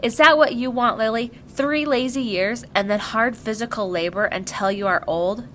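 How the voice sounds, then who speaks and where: A stern, no-nonsense mother speaks in firm, clipped tones in a storybook, as a woman narrator puts her on. Her words land with quiet authority. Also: fairly high pitch, normal speed, slight background noise, natural voice. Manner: firm, sharp.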